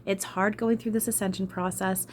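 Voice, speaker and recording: A woman's voice: medium pitch, flat delivery, moderate pace, a little mellow, a little hiss or hum. A woman channeler talking to camera in an emotional vlog, frustrated, sighing and swearing. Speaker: spiritual channeler.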